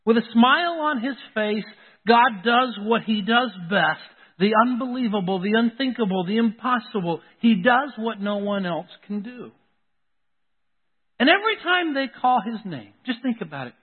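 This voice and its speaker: A male pastor delivers an earnest sermon, his voice sitting high for a man. He circles back to key phrases to drive them home. The sound is thin and tinny, like a phone line. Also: animated, normal speed, slightly rough, in a large hall.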